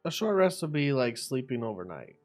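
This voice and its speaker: A man's voice: mid-range voice, sing-song, brisk, a little mellow. A man working as dungeon master, explaining rules and narrating the scene. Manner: explains rules and narrates the scene, gets the others back on track. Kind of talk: running a tabletop game.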